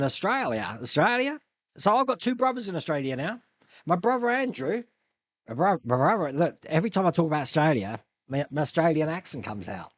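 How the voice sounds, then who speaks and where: Animated chatty man hosting a live stream. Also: a little high, no echo. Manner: chatty, rambling, reads viewer comments aloud. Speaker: live stream host answering viewer questions. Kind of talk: casual chat. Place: home hobby room.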